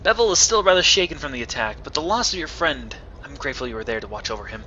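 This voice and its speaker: A man voicing a worried old village widow, speaking softly, slowly and mournfully. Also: medium pitch, lively intonation. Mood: sad. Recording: slightly dull recording with faint hiss.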